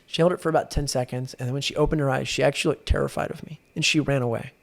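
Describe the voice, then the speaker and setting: Talking very fast in a gravelly, mid-range voice with a steady tone, the young exorcist on the podcast tells his stories earnestly. It's casual conversation, and he frequently starts his sentences over.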